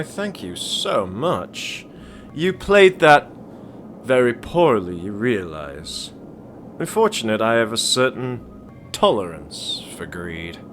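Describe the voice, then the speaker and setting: A man voicing a ruthless, centuries-old male billionaire in a homemade monologue, stern and deliberate with a slight twang. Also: medium pitch, natural voice. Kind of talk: amateur voice acting monologue.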